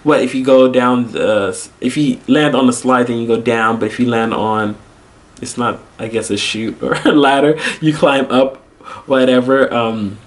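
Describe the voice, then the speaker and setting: A young man, an English teacher, telling a personal story in a casual vlog, animated and full of fillers, acting out his own reactions. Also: mid-range voice. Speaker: vlogger, English teacher abroad.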